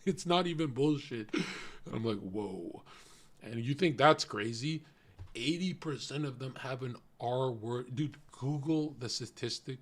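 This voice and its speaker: A man's voice: medium pitch, normal speed. Man with a lisp, rambling stream rant. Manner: rambling, profane, blunt rants. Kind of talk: casual reaction-stream commentary.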